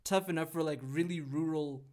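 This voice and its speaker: A young man from South Africa with a somewhat high voice talks in a casual podcast chat. He is animated and blunt, swears freely, and repeats his points for emphasis. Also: normal speed.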